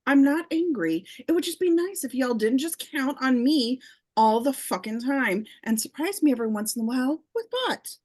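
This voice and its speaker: A woman voicing a sharp-tongued, cool female radio DJ in her late twenties in an amateur audio drama. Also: sits high, expressive, moderate pace. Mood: irritated.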